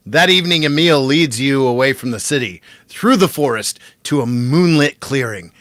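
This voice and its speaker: Animated male podcast reader, bright and lively, dry close sound. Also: medium pitch, normal speed, hardly any pauses, dry recording. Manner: animated reader, laughs easily. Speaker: podcast co-host reading a gamebook. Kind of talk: reading aloud, casual podcast chat.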